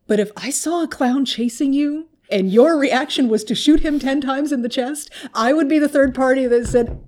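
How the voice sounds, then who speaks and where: A woman's voice: sits high, normal speed, a little mellow. A woman co-hosting a casual podcast, telling a comic story with lots of laughter and swearing. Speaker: podcast co-host.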